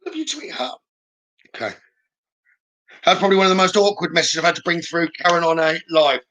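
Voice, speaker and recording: Male psychic medium on a live stream, higher bright tone, soft reassuring delivery with hesitant pauses. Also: steady tone, rough recording. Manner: gentle, reassuring, frequent "okay?" checks.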